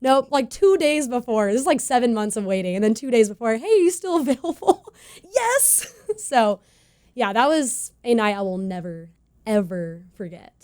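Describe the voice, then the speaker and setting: Bubbly young woman, high voice. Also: normal speed, a little mellow, smooth. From California. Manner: bubbly, laughs often, acts out quoted voices. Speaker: country singer-songwriter guest. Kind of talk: casual interview chat.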